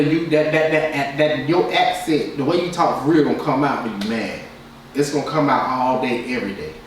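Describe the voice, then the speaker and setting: A man casually giving his opinions as a reality TV reviewer, in a loose, repetitive way with lots of filler phrases. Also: a little high. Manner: loose, repetitive, keeps saying "you know what I'm saying". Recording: very echoey room, distant mic, faint noise.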